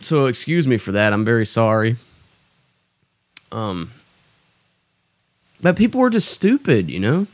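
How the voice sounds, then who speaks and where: Here the comedian is very animated yet a little slow, leaving long pauses in his mid-range voice. He rants on his podcast with profanity, exasperation and self-deprecation, and the recording is dry.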